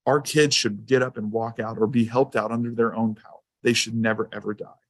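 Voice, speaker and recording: A man of middle pitch gives a school safety presentation, mixing guidance with personal stories. He talks casually, with plenty of "um"s and small restarts. The sound is dry and close, with hardly any room in it. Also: fairly even intonation, brisk, no echo. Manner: conversational storytelling with fillers. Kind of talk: anecdotal presentation to a council.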